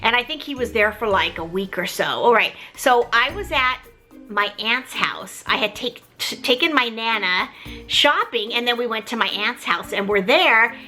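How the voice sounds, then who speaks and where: A middle-aged woman telling a story in a casual, animated way, often talking straight to the viewers. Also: a little high, normal speed, soft background music. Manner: animated, chatty, keeps addressing viewers. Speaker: mother telling her story.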